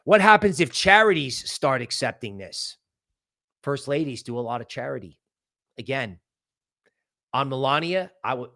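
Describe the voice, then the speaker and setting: A man hosting a crypto livestream, giving market commentary in an excitable, rambling way and thinking aloud as he goes. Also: on the high side, dry recording, studio quality. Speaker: crypto channel host.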